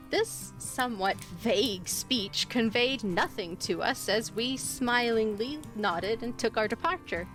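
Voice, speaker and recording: A woman reading a spooky story aloud on a live stream, expressive in how she voices the dialogue. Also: fairly high pitch, unhurried, few pauses. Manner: expressive, lively voicing of dialogue. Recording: faint music behind.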